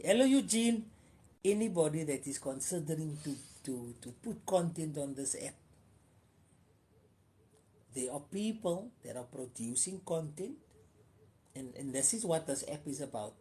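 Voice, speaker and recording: A woman's voice: low voice, lively intonation, moderate pace, dark tone. A woman with a Cape Coloured South African accent hosting a casual live stream, repeating phrases for emphasis and switching between English and Afrikaans.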